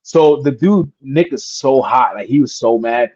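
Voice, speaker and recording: A man guest on an interview, telling stories in a casual, animated way and acting out the voices of the people in them. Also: mid-range voice, unhurried, husky, dry recording, dull audio. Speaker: guest wrestler.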